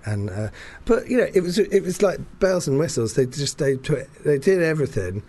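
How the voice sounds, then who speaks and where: A man in casual conversation with a slightly high voice that swings up and down a lot. He tells stories in a rambling way, restarts his sentences and laughs often. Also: sing-song, moderate pace, dark tone. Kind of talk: casual chat.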